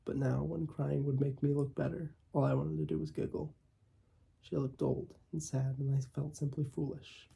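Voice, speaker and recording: A man reading a first-person short story aloud in a measured way, with small slips. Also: on the high side, level tone, creaky, dark tone, husky. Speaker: audiobook reader.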